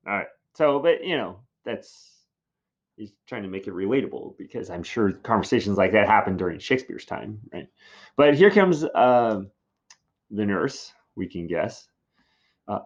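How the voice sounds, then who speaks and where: A man's voice: on the low side, very animated, moderate pace, dull audio. A man teaching in a casual classroom style, chatty and full of fillers as he explains a play.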